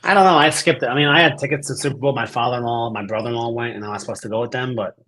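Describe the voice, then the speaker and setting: A man's voice: medium pitch, fairly even intonation, racing, sharp tone. A man co-hosting a betting podcast in casual chat, hesitant and trailing off with many fillers. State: recovering from illness.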